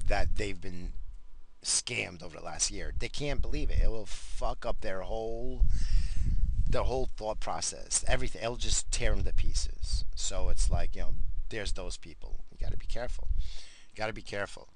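A man with a lowish voice rants to his audience in a loose, profane vlog style. He repeats his points, swears casually, and keeps interrupting himself with brisk, unapologetic apologies. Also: background noise. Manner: profane, blunt, repetitive; heated, frequently apologizing. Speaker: vlogger. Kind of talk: casual rant to camera.

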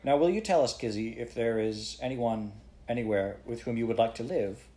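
A man voicing a patient older male court chairman who speaks gently but firmly, in measured phrases. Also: medium pitch, natural voice.

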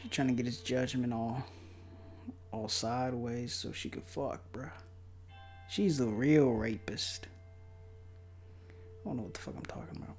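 A young man giving casual, profane commentary while watching a movie, mocking it and breaking into loud outbursts. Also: medium pitch, steady tone, brisk, gravelly, soft background music.

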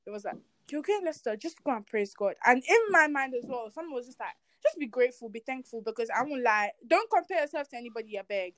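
Young woman, interview guest; bright, slightly high voice, dry close sound, animated storyteller who turns earnest when she talks about faith. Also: fast talker, no echo. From Nigeria. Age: young adult. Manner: lively storytelling, acting out quoted voices. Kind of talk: casual interview chat.

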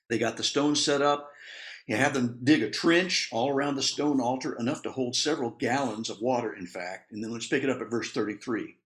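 A man preaches a sermon, reading scripture aloud and pausing to point out the funny side of the story. His pitch sits in the middle of the range but swings widely and expressively. He chuckles his way through the telling in an animated, good-humored manner.

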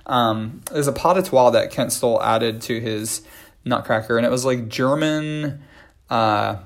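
Man, dancer, casual storytelling, gravelly voice, fillers and restarts. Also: mid-range voice, unhurried. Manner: rambling with many fillers and restarts. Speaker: ballet dancer telling stories.

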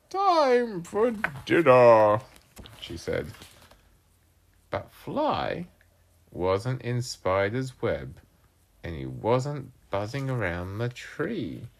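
A woman reading picture books aloud to her young child at home in a playful, animated way. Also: very deep voice, slow.

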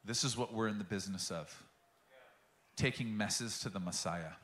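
A man's voice: lowish voice, moderate pace, fairly bright tone, roomy sound, a little hiss or hum. A man preaching a sermon as pastor, telling a story with passion and acting out the quotes.

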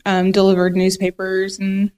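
A woman from Buffalo, New York, being interviewed as a podcast guest, soft-spoken and hesitant with many ums. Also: medium pitch, monotone, moderate pace. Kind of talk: casual interview chat.

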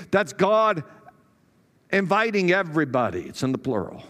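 Male pastor mid-sermon, a touch higher-pitched than most men, swinging up for quoted prayers and dropping low at line ends. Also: big pitch swings, moderate pace, a bit bright. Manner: preaching with dramatic rises for quoted prayers and trailing drops at phrase ends.

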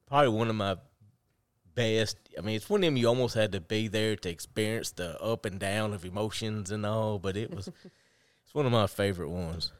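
A man telling a prank story in a relaxed, drawling way on a chat show. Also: lowish voice, moderate pace, smooth, dry recording. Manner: drawling, laid-back, laughs between lines.

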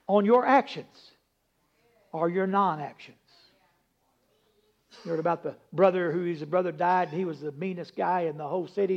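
A man preaching a folksy, humorous sermon, rambling into stories and dropping from loud emphasis to hushed asides. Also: sits high, vocal fry. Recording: dull lo-fi recording.

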